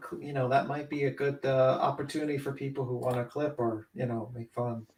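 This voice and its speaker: A man's voice: mid-range voice, flat delivery, a little fast, darkish tone, roomy sound. A man on a casual live panel chat, hedging his points with lots of fillers.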